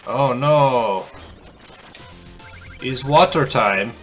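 A man chats playfully as he plays through a game. His voice is bright and crisp at an ordinary male pitch. Light music plays faintly behind him. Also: expressive, normal speed. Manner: playful, chatty, reacts aloud. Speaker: let's play host. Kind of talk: casual gameplay commentary.

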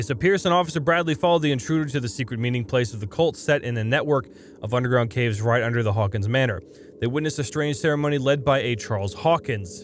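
A young man giving casual, excitable gameplay commentary, often swearing and saying dude. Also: medium pitch, a little hiss or hum. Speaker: let's play gamer. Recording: game music playing behind.

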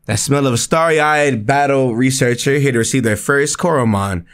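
A man's voice: moderate pace, natural voice. A man reading out a cheerful lab chief in a game. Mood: matter-of-fact. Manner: reads the on-screen lines aloud in a lower, flatter voice. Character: head of a creature lab, male, cheerful, businesslike.

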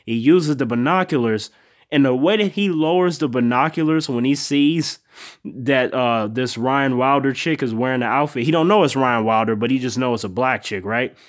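Guy chatting about a tv episode, swears a lot, laughs at it, mid pitch. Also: moderate pace. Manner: profane, laid-back, laughs a lot, acts out characters' lines. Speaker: TV show reviewer and channel host. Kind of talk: casual vlog review chat.

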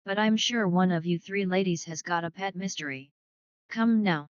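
A woman voicing a playful, formal older gentleman in a dry, dull recording. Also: lowish voice, normal speed, no room sound, close to an everyday voice. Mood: teasing. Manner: playful, formal, mock-solemn. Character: genteel older English gentleman, twinkling and teasing.

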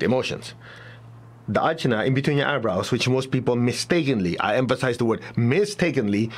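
A man teaching a spiritual class in a loose, chatty way, often laughing and acting out little examples. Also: medium pitch. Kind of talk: casual talk to a class.

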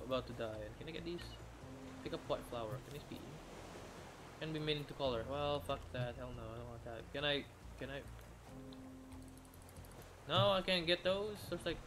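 A man's voice: medium pitch, background noise. A tired man giving rambling gameplay commentary, often restarting his sentences and swearing casually. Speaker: gamer.

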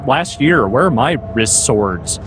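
A man co-hosting a let's play with wry, critical banter about the game. His pitch swings widely from line to line. Game music plays clearly behind him. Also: lively intonation, slow pace. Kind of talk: casual gameplay commentary.

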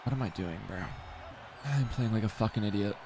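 A young man giving live commentary while playing a video game, swearing and repeating himself, sometimes breaking into yells. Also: on the low side, fairly quick, music in the background. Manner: swears and mutters the same phrase over and over; excitable, jumps into yelling.

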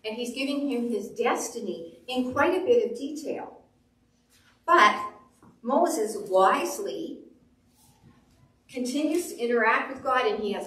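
A woman pastor preaching a sermon, telling stories with animated delivery and acting out quotes. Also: fairly high pitch, moderate pace, far from the mic. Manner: animated storytelling, acts out quotes. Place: church sanctuary. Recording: echoey room, voice off the mic.

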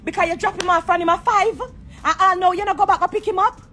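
A woman's voice: extremely high pitch, fairly even intonation, fast, pushed and bright, faint music behind. A woman with a Jamaican accent, ranting heatedly on a live stream from a corner of an airport. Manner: heated and confrontational.

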